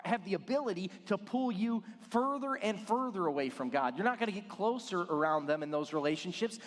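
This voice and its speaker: High-voiced man preaching in a reverberant hall. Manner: storytelling with self-deprecating jokes. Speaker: pastor. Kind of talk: sermon. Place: church sanctuary.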